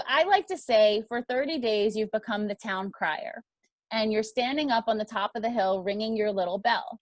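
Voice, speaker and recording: A woman's voice: fairly high pitch, moderate pace, no room sound. A woman teaching a crowdfunding class, upbeat and emphatic. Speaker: crowdfunding instructor.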